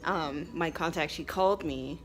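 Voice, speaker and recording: Chatty low-voiced woman vlogger. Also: moderate pace, soft background music. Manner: chatty, emphatic, laughs often. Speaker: vlogger and English teacher abroad. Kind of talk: casual storytelling vlog.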